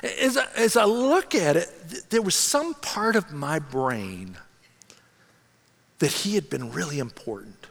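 A middle-aged man, a senior pastor, telling a self-mocking story in an animated way during a sermon. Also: fairly high pitch, unhurried, creaky, big-room sound.

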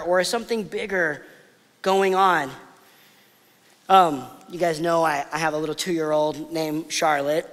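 A male pastor with a high voice preaches in a big church hall whose long reverb trails after each phrase. He talks casually, telling stories, then slows into soft, weighty pauses. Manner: conversational storytelling, drops to soft emphatic pauses. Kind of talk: sermon.

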